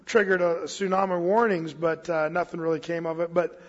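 A fairly high-voiced man preaching in an easy, chatty way, slowing down whenever he reads scripture aloud. His voice carries a long hall reverb, and the recording sounds slightly muffled. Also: flat delivery. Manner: casual, storytelling, reads scripture slowly. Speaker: pastor. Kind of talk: expository sermon.

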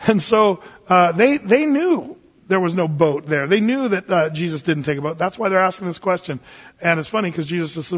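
A man's voice: high-pitched, expressive, brisk. A man teaching the Bible verse by verse as a pastor, in a folksy, emphatic, chatty way. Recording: dull, echoey hall recording.

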